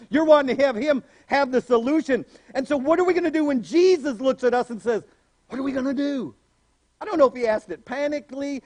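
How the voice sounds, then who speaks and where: High-voiced man preaching a lively sermon. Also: no echo. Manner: animated preaching, acting out quoted voices. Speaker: pastor.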